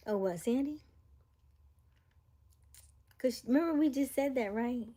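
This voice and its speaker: A young woman hosting a casual livestream, reading the chat and joking playfully, dropping into soft whispers between livelier bursts. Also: sits high, a little slow. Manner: relaxed, playful, slangy. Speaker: livestream host.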